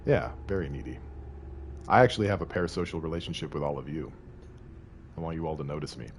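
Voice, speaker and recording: A man's voice: very deep voice, quick pace, long pauses, a little hiss or hum. A Canadian man in his late thirties with a Canadian accent, casually joking with viewers while streaming a video game. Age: late 30s. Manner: joking, self-deprecating, chatting with viewers.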